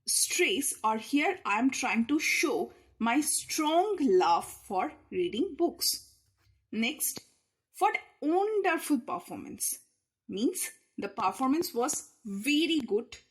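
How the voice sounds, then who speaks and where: A woman teaching an English grammar lesson, explaining each point slowly and patiently with repeated examples. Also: on the high side, sing-song, slightly rough. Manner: leans hard on key words when showing emphasis.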